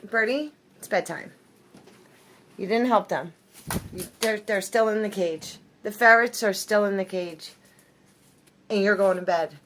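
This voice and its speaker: A woman's voice: mid-range voice, unhurried, long pauses, a little hiss or hum. A woman at home filming her pets on a phone, talking playfully to her bird and laughing often. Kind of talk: casual chat to pets while filming.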